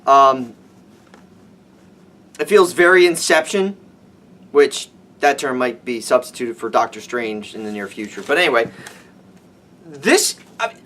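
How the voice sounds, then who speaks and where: A man's voice: medium pitch, a little slow, long pauses. Exasperated ranting man reviewing a film. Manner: animated, exasperated, profane, with frequent restarts. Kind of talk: ranting movie review vlog.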